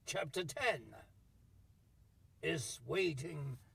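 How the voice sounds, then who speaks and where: A man's voice: on the high side, expressive, very slow, gravelly, fairly bright tone, slightly rough. A man narrating a classic tale in a theatrical storytelling style, speaking to his audience.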